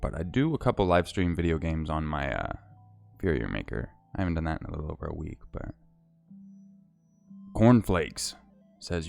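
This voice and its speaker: Low voiced guy on a stream, chill and chatty, thanking viewers one by one. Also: normal speed, vocal fry, pauses often, soft background music. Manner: relaxed, chatty, reads out viewer names and thanks them. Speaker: livestream host. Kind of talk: casual livestream chat.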